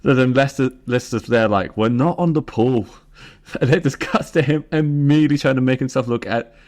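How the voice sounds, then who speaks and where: A man's voice: medium pitch, a little mellow. A man co-hosting a podcast, recapping a sitcom with lots of giggling and acting out bits of dialogue. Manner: giggly, acts out lines in quick voices. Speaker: podcast co-host. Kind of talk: casual chat recapping a sitcom.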